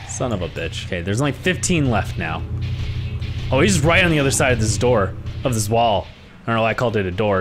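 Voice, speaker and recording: A young man giving let's-play commentary on a horror game, excitable and swearing a lot, yelling when startled. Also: mid-range voice. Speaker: gaming YouTuber.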